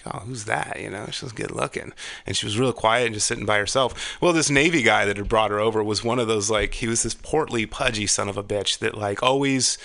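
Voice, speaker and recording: A middle-aged man with a gravelly, low voice and a bright, sharp edge. He tells loose, rambling stories in relaxed chat and swears freely along the way. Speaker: podcast guest. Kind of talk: casual chat.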